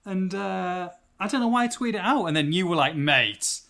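Higher-voiced man, animated podcast co-host. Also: a little fast, vocal fry. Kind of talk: casual podcast chat.

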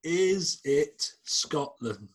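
A man's voice: on the high side, animated, drawn-out words, slightly rough. A man co-hosting a casual podcast, teasing his partner and ranting with plenty of swearing. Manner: teasing, ranty, swears freely. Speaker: podcast co-host. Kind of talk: casual chat.

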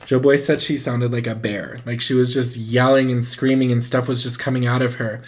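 A man's voice: mid-range voice, moderate pace. A man telling a story in casual chat, rambling with lots of "like" and acting out the voices of the people in it. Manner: animated, acts out quoted voices; loose and rambling, full of "like".

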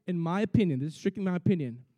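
A male pastor delivers a sermon in a high, very lively voice, acting out quotes with big swings between loud and soft. The sound is dry and close, with no room echo. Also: rapid-fire.

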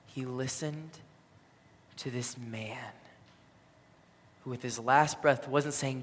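A man preaching a sermon, telling a story with dramatic swings between loud and hushed. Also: medium pitch, steady tone, slow pace, long pauses. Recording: long hall reverb.

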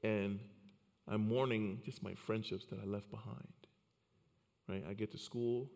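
A man from Liberia in his forties speaks with a low voice and earnest storytelling. He often repeats a word or two as he starts a thought. His voice has a long reverb around it, as if he is speaking in a large hall. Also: fairly even intonation, unhurried, creaky, a little mellow. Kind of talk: personal storytelling talk.

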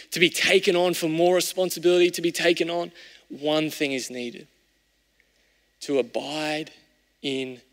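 Male pastor, high-pitched, conversational sermon delivery with big swings from emphatic to hushed, recorded in an echoing hall. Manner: conversational, shifting between raised emphasis and hushed reflection. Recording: long hall reverb.

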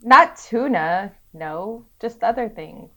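A woman's voice: fairly high pitch, animated, slow, a bit bright. A woman co-hosting a casual podcast, chatting frankly, swearing freely and laughing easily. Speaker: podcast co-host. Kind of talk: casual chat.

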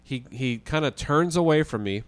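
A man, a guest on a podcast, telling a story in a casual, animated way with the odd swear word. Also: medium pitch, moderate pace, no room sound. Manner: animated, vivid retelling with occasional swearing.

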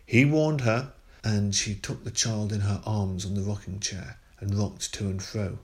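A man reading a ghost story aloud with measured, expressive storytelling. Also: lowish voice. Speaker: story reader.

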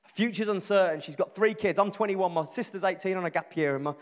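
A man's voice: high-pitched, quick pace. A middle-aged man preaching a sermon, earnest and emphatic, building lists and repeating phrases. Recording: long reverb from a large hall.

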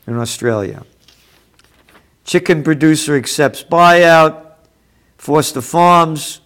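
Sarcastic man ranting over headlines. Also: mid-range voice. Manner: sarcastic, profane, grows heated and loud. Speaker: host. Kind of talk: reading and ranting about news headlines.

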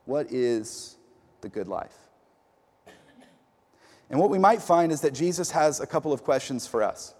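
A man's voice: medium pitch, animated, unhurried, long pauses, a little mellow. Conversational man preaching in a reverberant hall. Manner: conversational storytelling with fillers and repeats. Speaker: pastor. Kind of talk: sermon.

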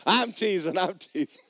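A man preaching a sermon, emphatic and loud at times, dropping low for stories. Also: animated, slow pace. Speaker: pastor.

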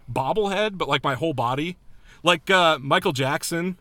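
A man telling a comedic story, animated and laughing as he acts out quotes. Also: on the high side, no echo. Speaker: guest storyteller.

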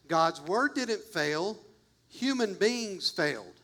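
High-voiced male pastor preaching, emphatic, repeats his points, talks to the crowd. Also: animated, slow pace, fairly bright tone. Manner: emphatic, repetitive, addresses the congregation. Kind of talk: sermon.

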